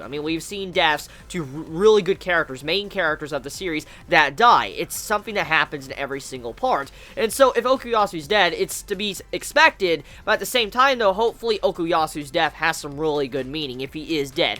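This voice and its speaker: Young reviewer, off-the-cuff rant, bouncy delivery with a crisp bright tone. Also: mid-range voice. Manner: animated, rambling, swears freely. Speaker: anime reviewer. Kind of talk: casual spoken review.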